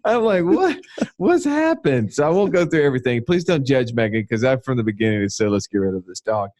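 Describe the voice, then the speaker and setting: A man with a Southern US accent co-hosting a podcast, telling jokey, animated stories in casual chat. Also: mid-range voice, fast talker, no room sound. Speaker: podcast co-host.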